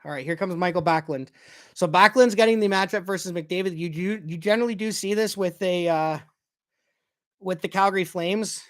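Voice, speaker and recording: Guy from canada calling a hockey game as a fan, gets loud and excited, swears a bit. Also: high-pitched, moderate pace. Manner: excitable, swears, shouts at goals. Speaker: fan commentator. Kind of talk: casual play-by-play watch-along.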